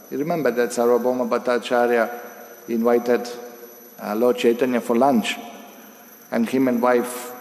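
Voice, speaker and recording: Animated man lecturing in an echoey hall. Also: mid-range voice. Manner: animated, acts out dialogue with many restarts. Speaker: lecturer on scripture. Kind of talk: devotional lecture with storytelling. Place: temple hall. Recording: echoey hall with long reverb.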